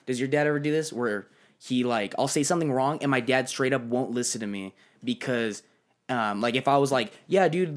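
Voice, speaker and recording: A young man hosting a podcast, chatting casually and excitedly, swearing a lot and mimicking other people. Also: mid-range voice. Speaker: podcast host. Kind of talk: casual chat.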